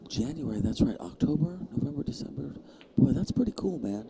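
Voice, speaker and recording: A man's voice: mid-range voice, lively intonation, a little fast, creaky, background noise. A man giving chatty live commentary on a pool match, rambling and dropping to a near-whisper during shots.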